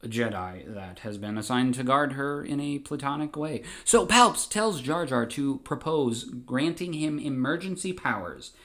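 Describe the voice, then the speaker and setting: Animated male comedy narrator. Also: medium pitch, unhurried, hardly any pauses. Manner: animated storytelling with many voices.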